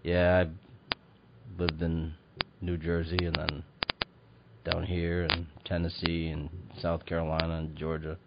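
A man with a very low voice hosts a podcast in loose, casual chat. He rambles and hesitates, with plenty of fillers. The audio is dull and lo-fi, with a clear hiss of noise underneath. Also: completely flat delivery, slow pace. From Chicago. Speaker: podcast host.

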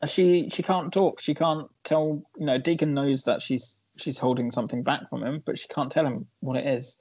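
A man's voice: medium pitch, fairly even intonation, moderate pace, darkish tone, husky, no room sound. A man co-hosting a podcast, casually retelling a TV episode with lots of "um"s and frequent laughter. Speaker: podcast co-host recapping a TV drama. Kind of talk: casual chat.

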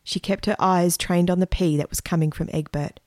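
A woman reads a children's story aloud, gentle and unhurried. Her voice sits low for a woman. The recording is dry and close, with no room sound. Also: steady tone, dry recording.

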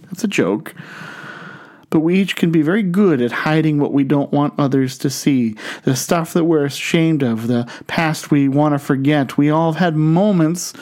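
A man preaching a sermon, reading scripture in a measured, deliberate way. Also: on the high side, a little mellow. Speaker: pastor.

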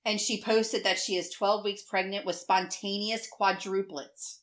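A middle-aged woman co-hosting a casual chat, telling stories with lively, acted-out quotes and frequent swearing. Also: mid-range voice, measured pace. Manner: animated storyteller, acts out quoted voices, swears freely. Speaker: co-host.

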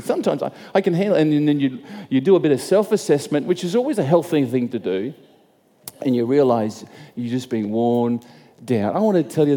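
A man's voice: fairly high pitch, dark tone, big-room sound. A man preaching a sermon as pastor, conversational, repeating and restarting phrases and asking the crowd questions.

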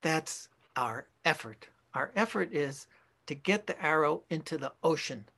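A Zen teacher giving a dharma talk, speaking in a slow, reflective way with pauses and self-corrections. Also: male voice, fairly high pitch, lively intonation, vocal fry, pushed and bright.

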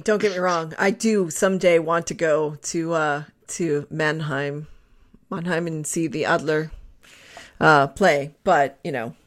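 A woman in her forties, co-hosting a casual sports podcast, chatty with laughing asides. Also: deep voice. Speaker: podcast co-host. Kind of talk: casual chat.

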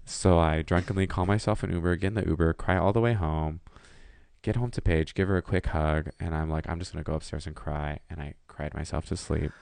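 A man's voice: deep voice, a little fast, vocal fry, clean tone, no echo. A young adult man, a podcast guest, telling a story casually and acting out the quotes. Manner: animated storyteller who acts out quotes.

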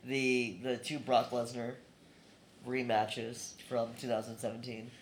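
This is a man in the co-host seat of a relaxed chat, and he speaks at an ordinary mid pitch. He drops in wry, dry remarks between his points, and his delivery stays conversational and easygoing. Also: measured pace, echoey room, slight background noise. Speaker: podcast co-host. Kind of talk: casual chat.

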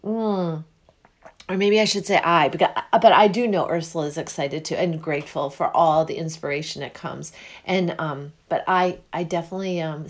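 A woman giving an effusive spiritual monologue, halting and restarting often as she talks. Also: lowish voice. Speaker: spiritual speaker.

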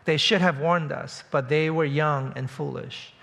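A man preaching from the pulpit, his voice sitting a little higher than most men's. He tells a long story in a steady, measured voice, then softens as he reaches his closing words. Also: vocal fry. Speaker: pastor. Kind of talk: sermon with read-aloud story.

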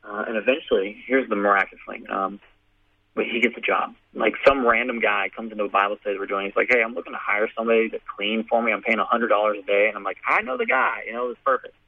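A man telling a personal story in a casual, animated way, acting out what others said. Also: on the low side, fast. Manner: animated, acts out quoted voices. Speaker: guest telling his story. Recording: phone-like radio audio.

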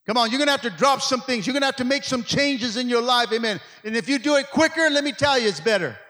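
A male preacher delivering an energetic sermon in church, sweating from the effort and peppering his lines with amens. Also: very high-pitched, quick pace. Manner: call-and-response, frequent amens. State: sweating from exertion. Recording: long hall reverb.

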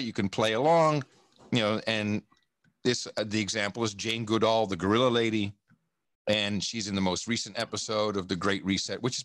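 A man from the United States, a podcast guest talking in a rambling, profane, animated way with many restarts. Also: medium pitch, no echo, clean studio sound. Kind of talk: casual podcast conversation.

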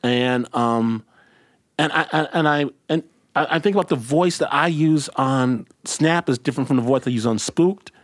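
A man hosting a casual roundtable chat, speaking reflectively and haltingly with many restarts. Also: mid-range voice, dry recording, studio quality. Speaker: host.

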